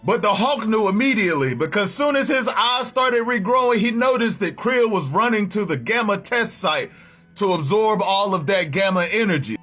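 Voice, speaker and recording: Man, casual comic recap, slangy and profane, high bright voice, faint music behind. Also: moderate pace. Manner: profane, slangy, animated storytelling.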